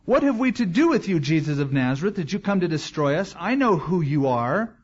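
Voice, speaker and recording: A man's voice: a little high, big pitch swings, fairly quick, breathy edge, highs cut off. A man crying out as a defiant demon. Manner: loud, strained crying out. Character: howling unclean male demon, defiant and afraid.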